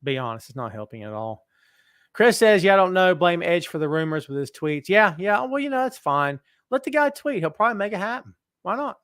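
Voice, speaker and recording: A man hosting a wrestling talk stream, reading viewer comments aloud and talking to his audience with animated, self-mocking chatter. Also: high-pitched, fairly quick, clear, resonant tone, dry recording, clean studio sound. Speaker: host.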